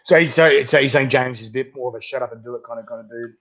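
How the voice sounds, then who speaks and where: A man hosting a casual interview, chatty and quick to laugh. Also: mid-range voice, pushed and bright. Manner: chatty, laughs often, acts out quoted voices. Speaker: podcast host. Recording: slightly dull, lo-fi sound.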